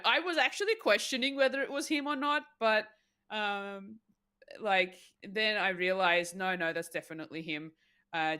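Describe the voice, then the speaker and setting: A woman's voice: on the low side, sharp tone. A woman co-hosting a podcast, giving her take in a casual, thoughtful way with plenty of fillers. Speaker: podcast co-host.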